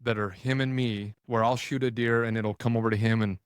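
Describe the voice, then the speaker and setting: A man, a podcast guest, telling a story in a casual, animated way, full of "like" and scenes he acts out. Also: mid-range voice, fairly quick, smooth, no echo, clean studio sound. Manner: animated, retells scenes with quoted dialogue and filler "like".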